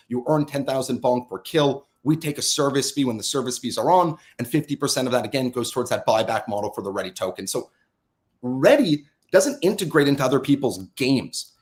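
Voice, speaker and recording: Man talking up his game studio. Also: mid-range voice. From Canada. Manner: animated, quick to laugh, boastful. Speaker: game studio founder, guest. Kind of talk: casual podcast interview.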